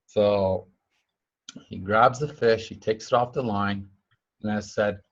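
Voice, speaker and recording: A man's voice: fairly low pitch, fairly even intonation, takes it slowly. Rambling man teaching, lo-fi sound. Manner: rambling, repeats himself, broken grammar; acts out quoted people in a raised voice. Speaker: spiritual teacher. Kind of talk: informal teaching talk with storytelling.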